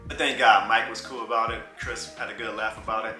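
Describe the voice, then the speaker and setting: Animated storytelling man, bright voice. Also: fairly low pitch, brisk. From New Orleans. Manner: animated, laughs often, acts out voices. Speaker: vlogger telling a personal story. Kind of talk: casual storytelling. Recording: roomy with faint music.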